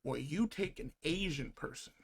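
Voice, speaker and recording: Male commentator, sarcastic rant, animated pitch swings. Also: normal speed, vocal fry, breathy edge. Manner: ranting, sarcastic. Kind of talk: opinion rant vlog.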